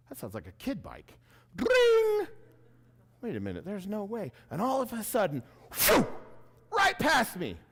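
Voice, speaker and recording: Animated, high-voiced male keynote storyteller. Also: long reverb tail. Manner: animated, self-mocking, acts out his own reactions. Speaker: keynote speaker. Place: large event room before an audience.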